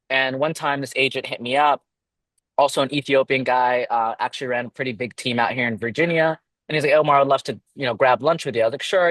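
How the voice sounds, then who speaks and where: Young man telling a quick story. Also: medium pitch, no echo. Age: 20s. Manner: fast, animated storytelling with quoted dialogue. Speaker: real estate agent guest. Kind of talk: casual storytelling.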